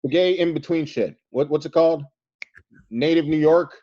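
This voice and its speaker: A man talks loosely on a podcast, swearing freely and joking as he goes. His voice sits a little high. The sound is dull and lo-fi. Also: moderate pace, warm tone. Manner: loose, profane, laughing banter. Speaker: comics writer and editor, podcast guest. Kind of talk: casual podcast chat.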